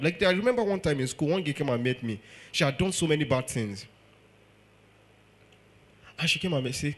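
A man's voice: a little high, expressive, normal speed, pauses often. A man with a Nigerian accent preaching a sermon, firing off rhetorical questions and acting out quotes.

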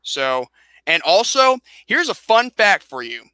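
Bright-voiced joking podcast guy. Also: sits high, very animated, a little slow, dry recording. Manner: joking, stumbles and repeats words. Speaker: podcast co-host. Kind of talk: casual wrestling podcast chat.

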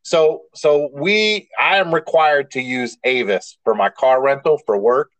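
A man's voice: medium pitch, unhurried, fairly bright tone, no echo, poor audio. A man co-hosting a podcast in casual chat, a rambling storyteller who restarts often and swears mildly. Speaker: podcast co-host.

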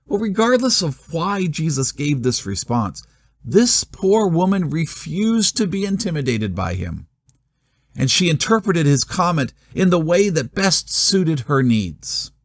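A man preaching a sermon, expressive, with rhetorical questions and dramatic pauses. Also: on the high side, no echo, clean studio sound. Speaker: pastor.

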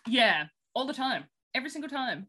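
A woman's voice: sits high, sing-song, fairly quick, bright, forceful tone. A woman co-hosting a podcast who recaps a film in a chatty, rambling way with lots of fillers and giggles. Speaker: podcast co-host. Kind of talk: casual film recap chat.

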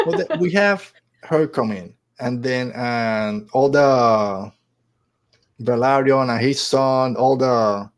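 A man's voice: medium pitch, slow pace. A man in casual podcast chat, recapping a TV episode and acting out the characters' lines in quotes. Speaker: podcast co-host.

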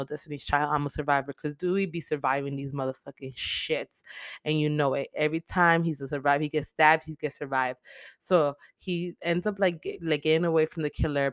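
A woman's voice: sits low, no room sound, studio quality. A woman hosting a casual movie recap, retelling the plot with constant swearing, fillers and emotional outbursts.

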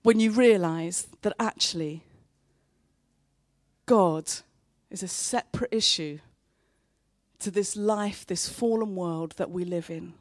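A woman, preaching a sermon in an earnest, heartfelt way and pausing between phrases. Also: lowish voice, darkish tone, no echo, clean studio sound. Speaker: pastor. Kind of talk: sermon with personal story.

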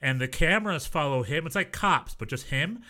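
Lively, bright-voiced man telling stories. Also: a little high, normal speed. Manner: animated storyteller, mimics voices, laughs often. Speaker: podcast co-host. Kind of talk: casual chat.

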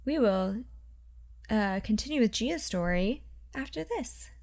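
A woman's voice: fairly high pitch, lively intonation, unhurried, darkish tone. Woman, podcast co-host, casual chat, rambling, restarts.

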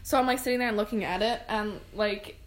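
A woman's voice: medium pitch, fast. A young woman, a podcast co-host, telling casual stories in a rambling way, laughing often and filling her talk with "like". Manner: rambling, laughing, many fillers. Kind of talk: casual storytelling.

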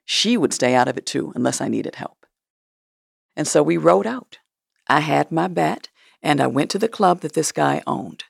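Creaky, breathy woman telling her story. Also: low-pitched, lively intonation, moderate pace, no echo, studio quality. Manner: blunt, matter-of-fact recounting. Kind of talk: personal storytelling.

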